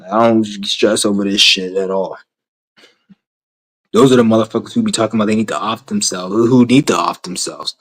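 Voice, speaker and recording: A man's voice: fairly low pitch, moderate pace, a bit bright, poor audio. A man ranting to his camera in a blunt, rambling, heavily profane way, repeating himself as he goes. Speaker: vlogger.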